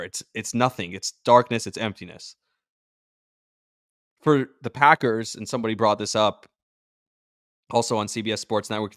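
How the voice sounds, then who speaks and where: Drained emotional guy rambling on his sports podcast, all over the place, mid pitch, dry close sound. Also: fairly bright tone, no room sound. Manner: emotional, rambling, jumps between thoughts. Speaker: podcast host and sports radio personality.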